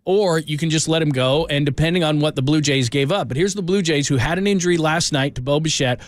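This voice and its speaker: Male sports radio host, argumentative and insistent, fairly high pitch, dry close mic. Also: quick pace, no echo. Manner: insistent, argumentative, repeats himself. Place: radio studio.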